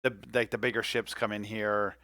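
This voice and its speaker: A man's voice: lowish voice, flat delivery, normal speed, bright, forceful tone, no echo, studio quality. A man narrating as game master in a remote tabletop game, rambling with many fillers and restarts. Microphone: home microphone in a remote session.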